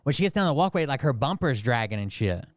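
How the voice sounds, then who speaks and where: A channel host with a medium-pitched, sing-song voice talks at a quick pace, recorded with a clean studio sound and no room sound. He casually tells the story of a heated run-in, rambling and profane, packed with swearing and filler words.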